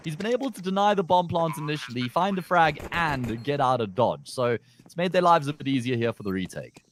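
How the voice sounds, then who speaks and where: A man casting a live esports match, analytical and jokey, with sudden upward jumps in pitch when the play gets exciting. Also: fast talker. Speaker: esports commentator. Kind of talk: live game commentary. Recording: faint background noise.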